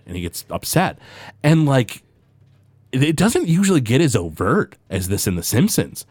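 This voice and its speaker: A man's voice: mid-range voice, very animated, moderate pace, a little mellow, breathy edge, dry recording. A man co-hosting a podcast, casually recapping a cartoon episode and slipping into playful voices as he retells scenes. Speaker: podcast co-host.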